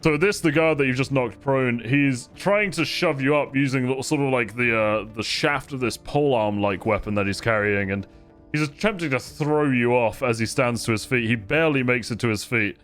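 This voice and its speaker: A man running a tabletop game as game master, narrating combat vividly and at an unhurried pace. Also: medium pitch, a bit bright, faint music behind.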